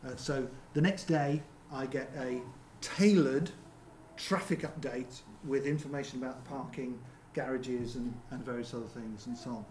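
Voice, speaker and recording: A man presenting at a seminar in a theatre, talking conversationally with frequent ums and quick rhetorical checks with the audience. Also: medium pitch, darkish tone. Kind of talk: conference presentation. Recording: roomy venue with faint background hum.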